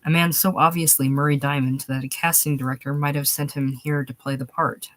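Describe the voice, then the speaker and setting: A woman narrating a short story aloud, steady, going back to fix small slips. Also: low voice, brisk. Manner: steady reading, restarts after slips. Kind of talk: audiobook reading of a short story.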